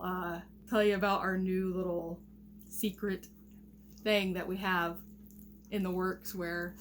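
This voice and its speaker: A woman's voice: medium pitch, fairly bright tone, a little hiss or hum. A woman in her thirties from Missouri, chatting to camera at home in a rambling, easygoing way and laughing easily. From Missouri, US Midwest. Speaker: vlogger and family caregiver. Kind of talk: casual chat to camera. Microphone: camera mic at home.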